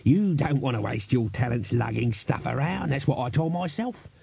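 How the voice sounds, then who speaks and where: Man doing a wheedling, smooth-talking trader. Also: medium pitch, lively intonation, normal speed, dark tone, dry recording, heavily acted. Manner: wheedling, soothing. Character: smooth-talking male street trader and promoter. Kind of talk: audiobook character voice.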